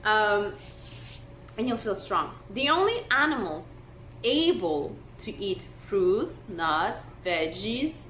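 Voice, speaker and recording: A woman's voice: medium pitch, very animated, slow pace, a bit bright. A young woman vlogging to camera, talking in a passionate, emphatic way with lots of "like". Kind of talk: casual talk to camera. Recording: echoey room, faint noise.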